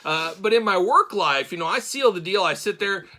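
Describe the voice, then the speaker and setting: A middle-aged man hosting a casual chat, animated and excitable, getting worked up as he talks. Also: high voice, normal speed. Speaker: show host.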